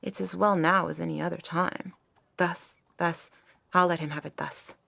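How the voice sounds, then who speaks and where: A haughty young maidservant who looks down on everyone, as a woman acts her out in a stage play. The voice sits low and a little gravelly, with a mocking edge. It is recorded close and dry. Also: fairly even intonation, normal speed, a bit bright, dry recording, heavily acted. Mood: daydreaming. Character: vain, scornful young female maidservant.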